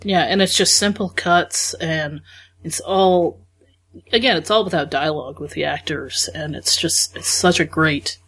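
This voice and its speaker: A woman's voice: low-pitched, a little slow, husky. A woman co-hosting a podcast, chatting enthusiastically and acting out her own reactions. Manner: enthusiastic, animated retelling with quoted reactions. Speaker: podcast co-host. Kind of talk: casual chat.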